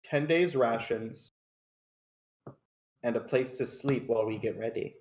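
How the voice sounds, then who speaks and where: A man voicing his character in a tabletop game, in a halting, teasing way. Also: mid-range voice, a little mellow, echoey room. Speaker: player.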